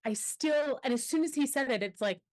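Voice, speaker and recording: A woman guest on a podcast interview, telling a personal story with candid, animated energy and quoting others as she goes. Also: sits high, a little fast. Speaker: guest, anti-trafficking expert.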